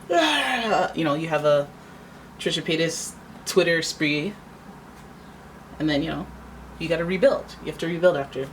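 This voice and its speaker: Chatty low-voiced woman reading tarot. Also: expressive, moderate pace, pauses often, slight background noise. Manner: chatty, dramatic, acts out little voices. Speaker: tarot reader.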